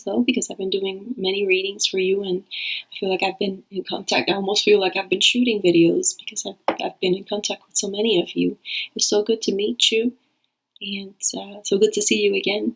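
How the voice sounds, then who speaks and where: A woman's voice: medium pitch, little pitch movement, normal speed, vocal fry, breathy edge, poor audio. A woman hosting her own reading channel, talking casually and rambling to her viewers with frequent restarts. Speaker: tarot reader and channel host. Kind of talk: casual talk to camera.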